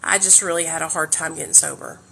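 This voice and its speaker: A woman's voice: low-pitched, steady tone, fast talker, creaky, pushed and bright, a little hiss or hum. A woman, chatting candidly to livestream viewers from her living room on a phone, swearing freely. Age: 30s. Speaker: livestream host. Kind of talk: casual livestream chat.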